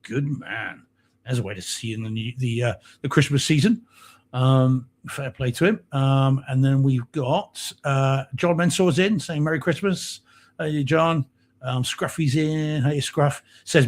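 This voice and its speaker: A man's voice: mid-range voice, measured pace. Chatty man greeting a live chat. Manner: chatty, reads out and greets viewer comments. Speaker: podcast co-host. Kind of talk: casual live-stream chat.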